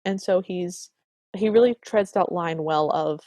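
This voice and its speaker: A woman co-hosting a podcast, recapping a film in animated, opinionated casual chat. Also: fairly low pitch, a little slow, dry recording. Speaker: podcast co-host.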